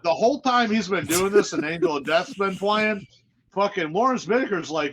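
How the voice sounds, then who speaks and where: Crude, fairly high-voiced male co-host. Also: animated, moderate pace, fairly bright tone, slightly rough. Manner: crude, graphic storyteller. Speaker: podcast co-host. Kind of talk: casual podcast storytelling. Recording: muffled lo-fi audio.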